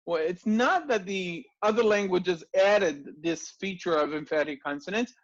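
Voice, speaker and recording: Man lecturing, high voice, lively, dry dull audio. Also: normal speed, dry recording. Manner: lively, asks rhetorical questions, frequent restarts. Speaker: language lecturer. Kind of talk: online class lecture.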